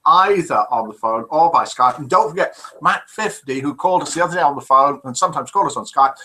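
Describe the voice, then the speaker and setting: A man's voice: on the high side, lively intonation, fast talker, sharp tone, husky, low-quality recording. A man over fifty hosting a live online chat show, chatty and teasing as he reads out viewer comments. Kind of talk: casual live-stream chat reading out messages.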